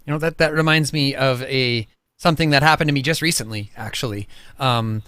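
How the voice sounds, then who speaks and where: A man's voice: mid-range voice, a little fast, sharp tone, clear, resonant tone, no echo. A man hosting a podcast, telling stories animatedly and emotionally, casually swearing. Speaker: podcast host. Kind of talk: casual interview chat.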